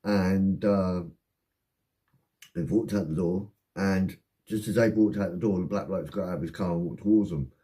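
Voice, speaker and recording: A man telling a rambling, heavily sworn personal anecdote in a casual, animated way. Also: sits low, moderate pace. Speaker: storyteller.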